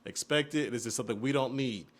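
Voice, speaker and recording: A young man chatting on a podcast, telling stories about his family and slipping into the voices of the people in them. His pitch sits in the middle for a man. He talks loosely and casually. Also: quick pace. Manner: storytelling, animated retellings of family moments. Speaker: podcast co-host. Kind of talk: casual chat.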